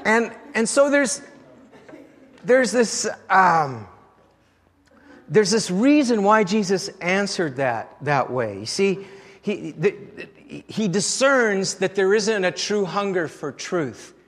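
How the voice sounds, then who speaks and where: A man's voice: sits high, expressive, slow, fairly bright tone, long reverb tail. A man preaching a sermon in a conversational way, putting rhetorical questions to the congregation. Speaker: pastor.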